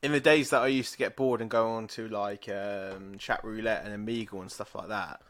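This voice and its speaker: A man's voice: fairly low pitch, fairly even intonation, moderate pace, fairly bright tone. Sweary man in his thirties chatting. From England. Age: 30s. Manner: sweary, laughing, rambling anecdotes. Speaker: podcast co-host. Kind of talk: casual chat.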